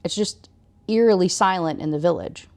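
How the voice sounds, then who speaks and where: A woman's voice: on the low side, moderate pace, gravelly, darkish tone. A woman and book reviewer recapping a novel in a casual, enthusiastic way, full of fillers.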